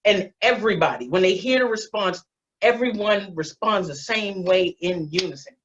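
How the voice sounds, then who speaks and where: A woman's voice: medium pitch, expressive, moderate pace, slight background noise. A woman, doing a brash, profane stand-up comedy set. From Baltimore, USA. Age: 40s. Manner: profane, brash, streetwise storytelling. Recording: muffled lo-fi online stream.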